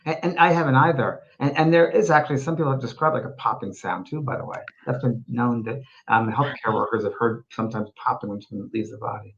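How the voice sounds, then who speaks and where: A man hosting a livestream talk show, telling stories in an animated way with frequent restarts. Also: medium pitch, quick pace, hardly any pauses, lo-fi sound. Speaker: host. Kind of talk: casual chat on a livestream show.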